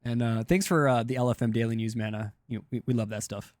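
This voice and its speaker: A man hosting a sim racing league live stream, rambling excitedly and talking to his chat. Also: mid-range voice, fast, no echo, studio quality. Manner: hyped, rambling, talks to chat. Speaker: streamer and race league host. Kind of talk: casual live-stream commentary.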